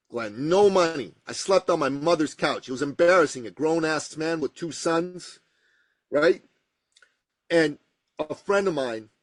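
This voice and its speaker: A man telling his story as a podcast guest, animated and acting out the voices in it. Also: a little high, dry recording. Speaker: podcast guest, business coach. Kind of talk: storytelling in conversation.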